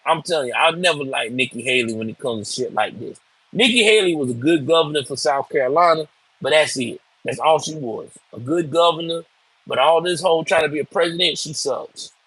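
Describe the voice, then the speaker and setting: A man with a husky, somewhat high voice hosts a live political show in a casual rant. He talks bluntly and swears freely, and his voice sounds close and dry. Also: fairly quick, a bit bright, no echo, poor audio. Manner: blunt, profane, emphatic. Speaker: live political commentary host. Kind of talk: casual ranting commentary.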